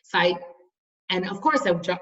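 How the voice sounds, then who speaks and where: Low-voiced woman leading a study class. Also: expressive, moderate pace, a bit bright, far from the mic, highs cut off. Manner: chatty, storytelling with restarts. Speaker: Torah class teacher.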